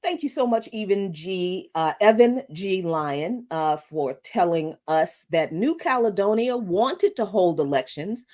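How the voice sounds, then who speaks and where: A woman's voice: mid-range voice, expressive, a little slow, few pauses, a little mellow. A woman co-hosting a morning talk show, chatting in an amused way. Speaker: co-host. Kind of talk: casual political chat on a morning show.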